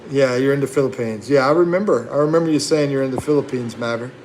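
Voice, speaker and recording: A man's voice: mid-range voice, fast talker, darkish tone, slight background noise. A man hosting a casual livestream, reading viewer comments aloud and chatting back with laughs and fillers. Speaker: livestream host.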